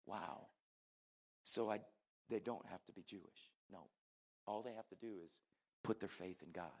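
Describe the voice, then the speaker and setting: A man's voice: medium pitch, a bit bright, slightly rough. A middle-aged male pastor preaching a sermon, telling stories in a conversational way and putting asides to the congregation.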